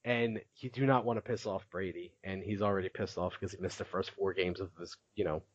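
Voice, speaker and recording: A man's voice: low voice, steady tone, fairly quick, dry recording, dull audio. A man hosting a casual podcast, chatty and laughing often as he recaps, with many filler words. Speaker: podcast host.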